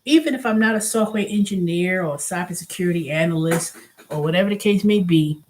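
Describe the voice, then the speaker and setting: A woman's voice: on the low side, fairly quick, slight background noise. A middle-aged woman hosting a casual vlog, venting animatedly and often restarting and repeating herself. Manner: animated venting, acts out quoted voices. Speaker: show host.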